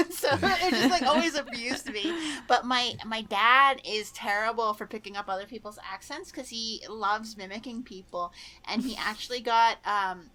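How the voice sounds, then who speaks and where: Chatty high-voiced woman, laughing often. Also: moderate pace, sharp tone. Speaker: podcast co-host. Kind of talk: casual chat.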